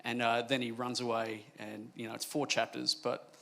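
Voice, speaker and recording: Comedian on a panel, male, gravelly and bright, flat delivery, rambling jokey anecdotes. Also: medium pitch, moderate pace. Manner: jokey storytelling, loose and rambling. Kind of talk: panel discussion.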